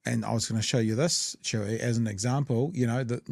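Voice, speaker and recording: A man's voice: mid-range voice, steady tone, fast, vocal fry, darkish tone, dry recording. A man with a New Zealand accent hosting a political podcast, talking bluntly with many fillers and restarts. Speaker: podcast host. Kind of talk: casual political chat.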